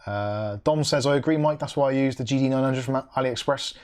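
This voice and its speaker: A man's voice: medium pitch, brisk, a little mellow, smooth. A man hosting a casual livestream, reading viewer comments aloud and reacting with dry asides, humming to himself between messages. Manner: chatty, hums "da da da" between comments. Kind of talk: casual live-stream chat.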